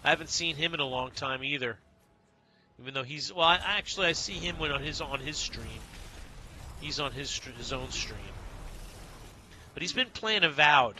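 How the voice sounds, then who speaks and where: A man's voice: a little high, normal speed, long pauses, pushed and bright, a little hiss or hum. A man streaming a video game, chatting casually and greeting viewers by name. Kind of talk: casual livestream chat while playing.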